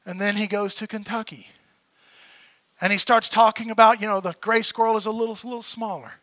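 A man preaching a sermon, telling a story with fervor, often shouting and tripping over repeated words. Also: high voice, fairly even intonation, brisk.

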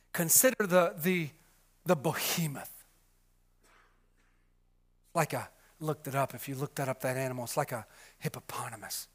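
High, bright-voiced man preaching dramatically. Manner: dramatic preaching, swings from shouting to whispering. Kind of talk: sermon.

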